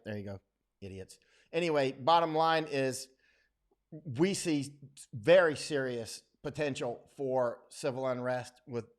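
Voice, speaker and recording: A middle-aged man speaks in a casual, unscripted livestream style. His voice sits at a mid pitch, and he is blunt and opinionated. He often lets his phrases sink low and quiet as he finishes a point. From United States. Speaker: livestream host.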